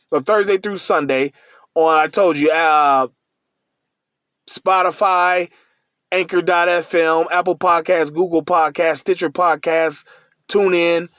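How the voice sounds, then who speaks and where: A man's voice: high-pitched, measured pace, a bit bright, no echo, studio quality. A man hosting his own podcast, ranting bluntly in a profane, rambling way with lots of repeats. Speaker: podcast host. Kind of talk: casual solo rant.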